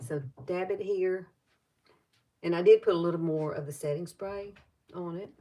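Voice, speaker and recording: A woman's voice: fairly low pitch, steady tone, normal speed, dark tone. A woman over fifty with a Southern US accent, chatting loosely through a live makeup tutorial and greeting viewers as she goes. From Alabama.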